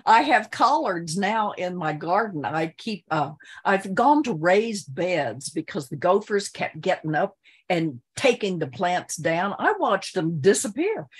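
A woman's voice: lowish voice, sing-song, a little slow, slightly rough. An older woman, chatting earnestly with fellow guests and laughing often. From Texas. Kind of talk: casual chat.

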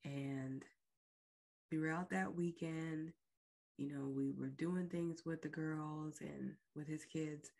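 Woman, podcast host, low voice, slow pace, frank emotional storytelling. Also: steady tone, gravelly, a little mellow. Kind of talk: personal storytelling.

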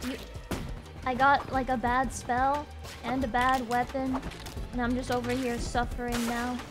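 High-voiced young woman streamer, foul-mouthed and excitable, casual chat over loud game music. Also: unhurried. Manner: excitable, swears a lot, frequent loud outbursts.

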